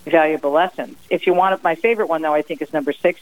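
A middle-aged woman from New Jersey, a guest author on a radio interview, telling family stories in a lively, emphatic way. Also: low-pitched, quick pace, phone-quality sound. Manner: lively, emphatic, acts out her mother's sayings. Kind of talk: radio interview, personal storytelling.

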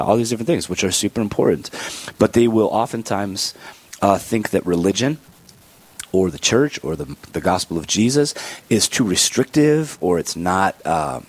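A man's voice: on the low side, normal speed, dry recording. A man talking casually in a vlog as a Christian speaker, rambling with many restarts and fillers.

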